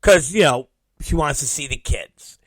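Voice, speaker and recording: Male host, fairly high voice, dry close sound; animated profane storyteller who plays every part himself. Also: measured pace, no room sound. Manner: profane, animated, acts out both sides of a dialogue. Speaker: podcast host. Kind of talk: storytelling monologue.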